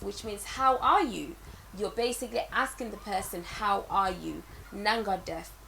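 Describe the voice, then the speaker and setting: A woman teaches a language lesson at an unhurried, careful pace. She breaks words down syllable by syllable and repeats them for the learner. Her voice has a gravelly, creaky texture, over a faint hiss of background noise. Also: a little high, rough recording. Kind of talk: slow, patient language lesson.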